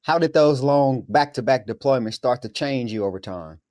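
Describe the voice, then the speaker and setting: A man's voice: mid-range voice, expressive, moderate pace, darkish tone, no room sound, clean studio sound. A man hosting an interview, asking plain, direct questions and giving short agreements. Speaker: podcast host.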